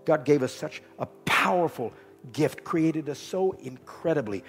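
A man preaching a sermon with rhythmic repetition, swinging from loud exhortation to soft, low lines. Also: animated, measured pace. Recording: long hall reverb with faint music.

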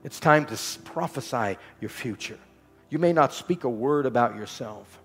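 A man preaching a sermon with rhythmic repetition, swinging from loud exhortation to soft, low lines. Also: expressive, moderate pace, slightly rough. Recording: long hall reverb with faint music.

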